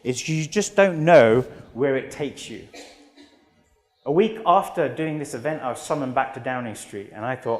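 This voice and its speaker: A British man in his thirties giving an energetic motivational keynote in a large auditorium, telling stories with acted-out quotes. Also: mid-range voice, normal speed, soft background music. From United Kingdom. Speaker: motivational speaker. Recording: long hall reverb.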